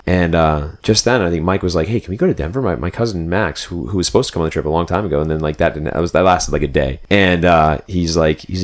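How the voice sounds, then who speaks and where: A young man telling a road trip story in casual, rambling podcast chat, full of "like" and "dude". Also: deep voice. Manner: rambling, animated, fillers like "like" and "dude".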